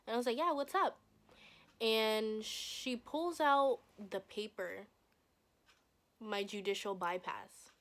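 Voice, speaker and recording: A woman's voice: mid-range voice, steady tone, takes it slowly. A young woman vlogger telling a personal story in a casual, blunt, profane way, acting out what people said. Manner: profane, blunt, acts out quoted voices.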